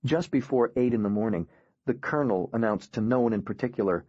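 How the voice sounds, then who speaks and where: A man reading a first-person audiobook in a quiet, grave, measured way. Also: mid-range voice, dry recording, highs cut off. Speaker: audiobook narrator.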